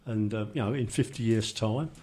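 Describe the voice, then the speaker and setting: An older man with a London accent, talking in a relaxed group chat and telling rambling, joking anecdotes. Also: on the low side, moderate pace, noisy background. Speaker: discussion participant. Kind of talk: casual group conversation.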